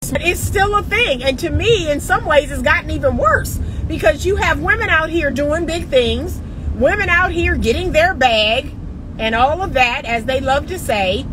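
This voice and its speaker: Recorded in a car against a noisy background, this woman with a high voice is a relationship coach offering casual advice directly to viewers. She's emphatic and laughs a lot.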